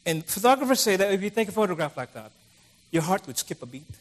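A man's voice: high-pitched, sing-song, fast talker. A middle-aged man preaching a conversational sermon, acting out the voices of the people he quotes.

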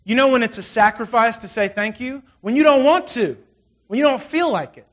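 A middle-aged male pastor preaching a sermon in a conversational, animated way, full of asides and storytelling. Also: extremely high pitch, fairly quick.

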